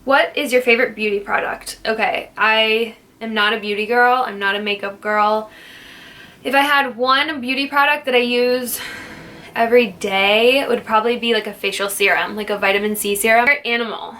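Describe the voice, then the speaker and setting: Young woman, fitness instructor, casual vlog Q&A, jokey, giggly, crisp bright tone, slightly high voice. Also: fairly even intonation, moderate pace. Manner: jokey, playful, not serious; chatty, laughs often.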